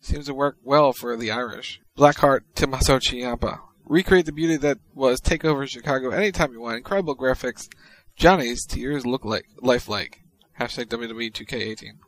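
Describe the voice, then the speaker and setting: A man's voice: mid-range voice, moderate pace, low-quality recording. A man co-hosting a podcast, casually reading social media posts aloud. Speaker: podcast co-host.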